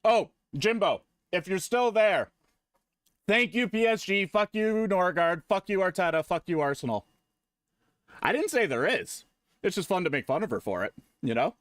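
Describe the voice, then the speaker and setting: A man with a high voice swings widely up and down as he jokes with chat on a live stream. He swears freely, rambles and sometimes flares into loud mock rants. The sound is dry and close, with no room echo. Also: expressive, normal speed.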